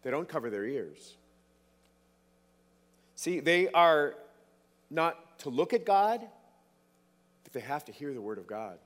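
A man's voice: fairly high pitch, very animated, slow pace, long pauses, fairly bright tone. Man preaching in a reverberant hall. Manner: emphatic, repeats words for stress. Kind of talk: sermon.

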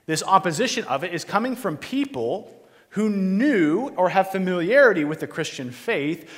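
A man leads a prayer and then a sermon in an earnest, conversational way, pausing on fillers and restarting phrases. His voice sits a little higher than most men's. The room behind him is a large church with a long, ringing reverb. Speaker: pastor.

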